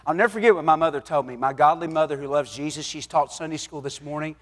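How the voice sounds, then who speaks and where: A pastor delivers a sermon with a fairly high voice, drifting from booming exhortation to near-whispers. His folksy storytelling rings out in a church hall with long reverb. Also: fast. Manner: folksy storytelling, swinging from loud exhortation to hushed tones. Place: church sanctuary.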